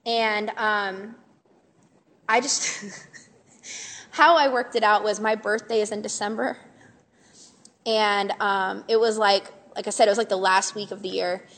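A woman Sunday school teacher giving a chatty, animated workshop talk to a live group, full of fillers. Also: mid-range voice, measured pace, pauses often.

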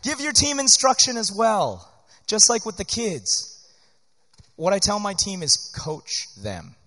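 A man preaching in an earnest, animated, conversational way, often checking in with "right?", teaching church workers. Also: high voice, a little slow. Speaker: pastor. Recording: long hall reverb.

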